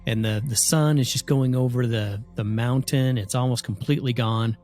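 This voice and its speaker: A man telling a spooky story in a casual, animated way, often acting out the voices of the people in it. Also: medium pitch, moderate pace, soft background music. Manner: animated, acts out voices in his stories.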